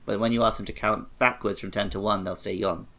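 A man co-hosting a podcast, chatting casually and telling animated stories with quoted voices. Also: fairly low pitch, fairly quick, lo-fi sound. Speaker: podcast co-host. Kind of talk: casual chat.

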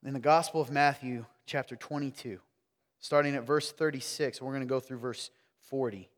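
A man from the South, preaching a sermon and quizzing his congregation, swinging between loud emphasis and hushed asides. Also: medium pitch, normal speed, big-room sound. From American South. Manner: energetic, questioning the crowd, wide swings from loud to hushed. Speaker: pastor. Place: church sanctuary.

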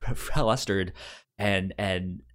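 A man co-hosting a podcast in casual chat, often stammering and restarting words, and acting out quotes in a loud raised voice. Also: low-pitched, slow pace. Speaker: podcast co-host.

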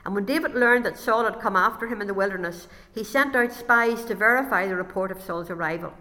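A woman's voice: mid-range voice, a little fast, bright, forceful tone. Woman preaching in a reverberant hall. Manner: reads scripture with raised, dramatic delivery of quoted lines. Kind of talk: sermon with scripture reading.

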